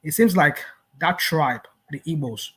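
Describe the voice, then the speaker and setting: A man's voice: fairly high pitch, a bit bright, breathy edge. Hesitant older man. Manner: hesitant, many fillers and restarts, measured. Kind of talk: heated live panel debate.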